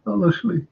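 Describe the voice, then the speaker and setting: A man, hosting a casual football chat, blunt and opinionated, chuckling at his own jokes. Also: lo-fi sound. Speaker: host.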